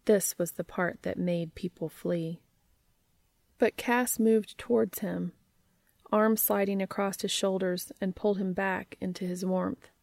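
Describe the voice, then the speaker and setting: A woman reading a story aloud in a soft, measured way. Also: mid-range voice, steady tone, creaky, dry recording, clean studio sound. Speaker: narrator.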